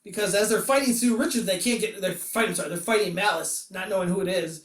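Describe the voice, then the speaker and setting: A man hosting a podcast and chatting about comics. He rambles, laughs often and slips into a high voice to act out quotes. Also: quick pace, a bit bright. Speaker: podcast host reviewing comics. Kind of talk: casual podcast chat. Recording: roomy echo, distant from the mic.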